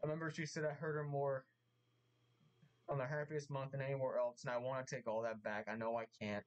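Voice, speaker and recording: Man, vlogger, halting earnest apology, mid pitch. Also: flat delivery, low-quality recording. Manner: halting, repeats himself, earnest and emotional. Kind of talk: apology vlog. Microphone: mask on, camera vlog.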